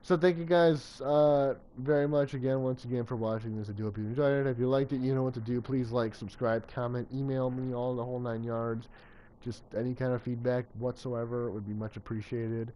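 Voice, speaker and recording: A young man streaming a video game, chatting casually and bursting into loud cheers, a little out of breath. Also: medium pitch, a little fast. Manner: excitable, swings from calm to loud cheering. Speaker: gaming live streamer. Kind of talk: casual live stream commentary.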